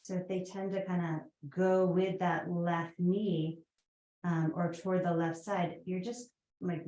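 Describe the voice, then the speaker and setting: A woman's voice: lowish voice, steady tone, a little slow, dark tone, echoey room, poor audio. Chatty Boston-accented woman yoga teacher. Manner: chatty, rambling asides with fillers. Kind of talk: guided yoga class instruction.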